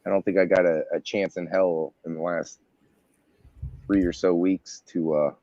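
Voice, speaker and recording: A man's voice: low-pitched, steady tone, normal speed, a little mellow, no room sound, lo-fi sound. A man co-hosting a podcast in casual chat, joking and laughing easily, repeating words as he starts sentences. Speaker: podcast co-host.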